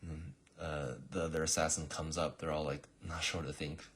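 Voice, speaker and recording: Low husky man narrating casually. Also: level tone, brisk, fairly bright tone. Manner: rambling, filler-heavy retelling. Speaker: animatic pitch narrator. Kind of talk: casual walk-through narration.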